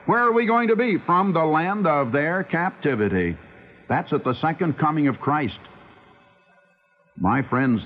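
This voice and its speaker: A man preaching a radio sermon in an urgent, emphatic way, his voice swinging high and low as he presses warnings on his listeners. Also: breathy edge. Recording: tinny lo-fi old radio broadcast.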